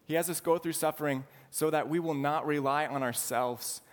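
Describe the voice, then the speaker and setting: Man preaching a sermon, earnest and steady, mid pitch, echoey hall sound. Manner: earnest, expository teaching. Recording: long hall reverb.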